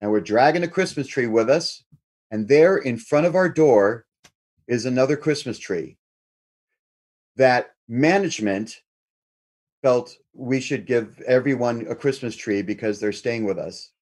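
Middle-aged male storyteller, animated, mid-range voice. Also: mid-range voice, measured pace, slightly rough. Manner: animated, acts out family members' voices. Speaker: guest storyteller. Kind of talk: telling a personal story.

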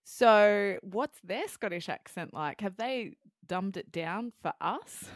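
A woman hosting a show who explains English words clearly and then interviews a guest. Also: medium pitch, animated, no room sound, studio quality. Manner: clear, measured teaching delivery. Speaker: host and English teacher.

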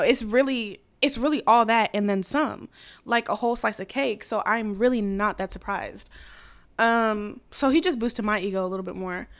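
This young podcast host, her voice a little high and somewhat bright, tells a story in a casual, chatty way. She giggles often and peppers her speech with "like" and "um."

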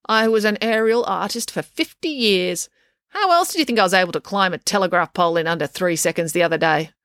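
A woman's voice: mid-range voice, a little fast, fairly bright tone, no room sound, clean studio sound, lightly acted. A woman voicing a stern, blunt old woman who was once a circus aerialist. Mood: brusque. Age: older. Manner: brusque, blunt and commanding.

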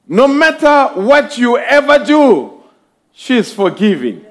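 A man preaching a sermon in slow, emphatic swells, speaking directly to his congregation. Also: very high-pitched, expressive.

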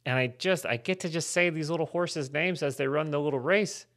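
A man's voice: on the high side, fairly quick, a bit bright. A man co-hosting a comedy podcast, chatting casually in a rambling, self-mocking way and swearing freely. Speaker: podcast co-host.

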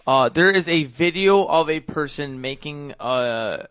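A man hosting a casual podcast, loud, crude and joking. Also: fairly high pitch, lively intonation, a little slow, clear, resonant tone.

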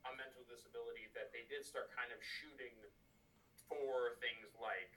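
A man with a very bright, sharp tone talks through a casual podcast chat, rambling and profane. He sits a little back from the microphone, so his voice sounds somewhat distant. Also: mid-range voice, steady tone, normal speed. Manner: rambling, profane, heavy on filler words. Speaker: podcast co-host and researcher.

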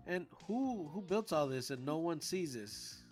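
A man's voice: a little high, big pitch swings, a little slow, darkish tone, faint music behind. Dry, sarcastic podcast man. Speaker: podcast co-host. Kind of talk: casual chat.

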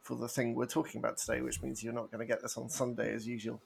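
A man's voice: mid-range voice, level tone, quick pace, gravelly, breathy edge. A man co-hosting a podcast in casual chat, joking and laughing often. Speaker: podcast co-host.

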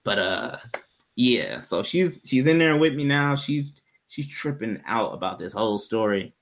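A man telling a personal story in casual podcast chat, animated, laughing often and jumping high when quoting himself. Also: a little slow.

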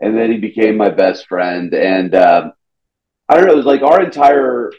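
Low-ish dude from georgia just rambling on a podcast, kinda muffled lo-fi sound. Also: male voice, lively intonation, normal speed. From Atlanta, Georgia. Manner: loose, rambling, says "dude" a lot. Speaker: comedian guest. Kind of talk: casual podcast chat. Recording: dull lo-fi sound.

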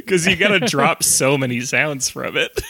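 A man's voice: on the high side, lively intonation, a little slow, bright, forceful tone, dry recording. A man hosting a casual comedy podcast, playful and teasing, laughing often. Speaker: podcast host.

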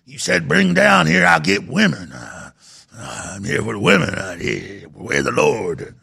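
A man's voice: a little high, big pitch swings, a little slow, vocal fry, sharp tone, slightly rough, voice pushed down, full character voice. A man voicing a creepy rural man who collects women and children, in a drawling hillbilly impression. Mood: menacing.

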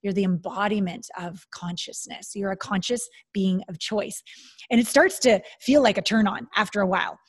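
A woman's voice: medium pitch, normal speed, husky. A woman hosting a casual conversation, talking with enthusiasm and acting out inner voices.

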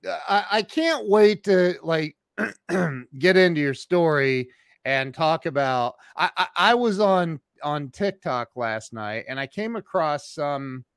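A man's voice: on the high side, expressive, slow pace, gravelly, a bit bright, smooth, dry recording, studio quality. A man hosting a casual interview, stammering through restarts and laughing often. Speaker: podcast host.

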